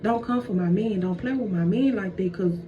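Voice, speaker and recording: A woman's voice: medium pitch, brisk, lightly acted. Woman doing sassy, slangy Eve. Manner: sassy, loud, slangy comebacks. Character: sassy young woman Eve, defensive and hungry. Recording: dull, distant, faint noise.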